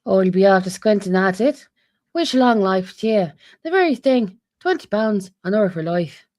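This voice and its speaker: A woman's voice: mid-range voice, lively intonation, normal speed, a little mellow, lightly acted. A woman doing a sly trickster servant. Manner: wheedling, teasing, mock-soothing.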